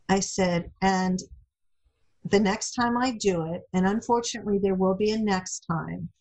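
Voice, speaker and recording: Middle-aged woman, kinda husky, chatty and acts out quotes. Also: mid-range voice, rough recording. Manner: animated storyteller, acts out quotes. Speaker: guest. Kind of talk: casual interview chat.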